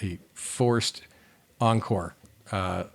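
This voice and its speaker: A man's voice: on the low side, drawn-out words, creaky. A man co-hosting a podcast in casual chat, wry and joking, often breaking into laughter while reading a listener email aloud. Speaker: podcast co-host.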